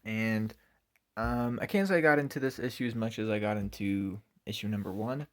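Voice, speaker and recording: Male comic reviewer, lowish pitch, casual and halting. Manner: hesitant, many ums and uhs.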